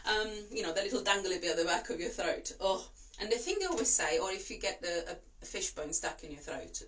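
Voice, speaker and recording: A woman, a voice and breathing coach whose first language is not English, giving calm, reassuring instructions and demonstrating slow breaths. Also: lowish voice, far from the mic. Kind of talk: instructional talk to camera.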